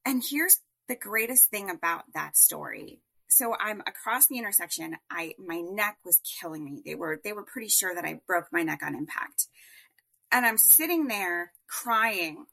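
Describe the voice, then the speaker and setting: Woman guest, gravelly and bright, emphatic storyteller. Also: medium pitch. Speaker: guest entrepreneur. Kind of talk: personal storytelling.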